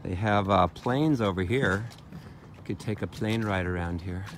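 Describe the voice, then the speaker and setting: A man chats his way through a lakeside walking tour, playful and unhurried, pausing often with "uh". His voice sits low and he talks slowly. Steady outdoor noise is clearly heard behind him. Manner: playful, chatty, with frequent "uh" pauses. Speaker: vlogger giving a walking tour. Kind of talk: casual walking-tour vlog. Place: outdoors by a lake.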